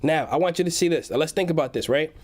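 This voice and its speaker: A hyped young man chats on a livestream from his home, talking in loose slang and reading chat messages aloud. His voice sits a touch high for a man. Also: quick pace, a little mellow. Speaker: livestream host.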